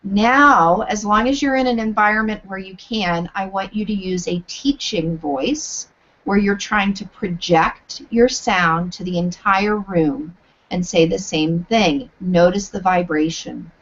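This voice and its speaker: A woman teaching yoga teacher trainees over a video call, giving clear, deliberate instructions. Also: medium pitch, fairly bright tone, highs cut off. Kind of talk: live online teacher training.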